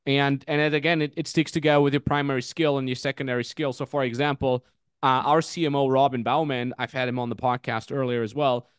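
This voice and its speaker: A man in his thirties hosting a podcast, telling stories in an animated, swear-heavy, casual way. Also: medium pitch, fast, clear, resonant tone, dry recording, clean studio sound. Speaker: podcast host.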